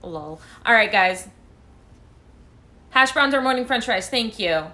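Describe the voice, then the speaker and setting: A woman's voice: a little high, expressive, unhurried, bright, forceful tone. A woman tarot reader chatting casually on a phone live stream, rambling and self-deprecating as she answers viewer questions. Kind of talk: casual livestream chat.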